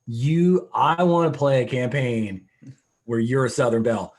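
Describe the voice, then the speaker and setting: A man's voice: mid-range voice, unhurried. A man playing tabletop games, chatting with enthusiasm and drawing out his words. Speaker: tabletop game player. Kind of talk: casual chat.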